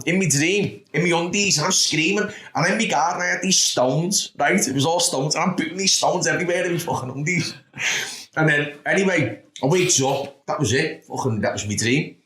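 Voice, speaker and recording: This podcast guest, a man in his thirties with a Liverpool accent, tells candid, sweary stories about his past, often tossing in "do you know what I mean." His voice is on the high side with a fairly bright tone, he speaks fairly quickly, and the room echoes.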